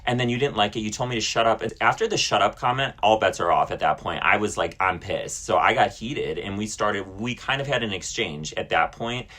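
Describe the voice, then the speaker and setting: A man with a low, husky voice tells a storytime rant straight to camera. He is blunt and indignant, swears freely and leans on "like" as a filler. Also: animated, brisk, few pauses, fairly bright tone. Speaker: vlogger.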